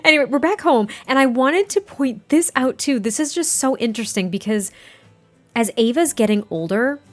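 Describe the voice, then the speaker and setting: A woman hosting a let's play, chatting excitedly and getting exasperated at her game. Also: a little high, soft background music. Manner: chatty, excitable, quick to exasperation, laughs often. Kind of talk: casual gameplay commentary.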